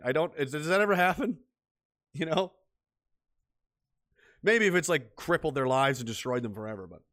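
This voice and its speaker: A man's voice: on the high side, a bit bright. A man delivering a bitter, profane solo rant as a vlogger, repeating himself as he goes. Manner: profane, repetitive, bitter and heated. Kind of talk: ranting solo monologue.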